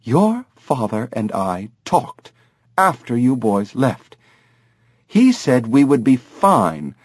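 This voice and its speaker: A man's voice: mid-range voice, wildly swooping pitch, slow pace, breathy edge, no room sound, clean studio sound, exaggerated voice. A man reading an audiobook, voicing an older, well-off woman who brushes off bad news with breezy, chiding remarks. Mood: dismissive.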